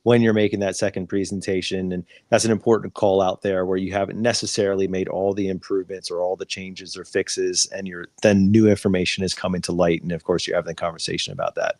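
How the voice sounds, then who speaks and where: A man hosting a casual interview, asking questions in a relaxed way full of fillers. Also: low voice, fast talker, few pauses, dry recording. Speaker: podcast host.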